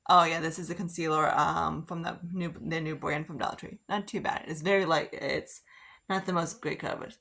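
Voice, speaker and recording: A woman's voice: low-pitched, steady tone, brisk, creaky, a bit bright. A woman rambling through a casual get-ready-with-me makeup chat, full of "like" and fillers. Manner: rambling, filler-heavy, frequent "like". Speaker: beauty vlogger.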